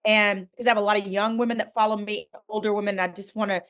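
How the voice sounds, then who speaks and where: A woman's voice: mid-range voice, fairly even intonation, fast, a bit bright. A middle-aged woman, a guest author on a podcast, telling a candid personal faith story with earnest emphasis.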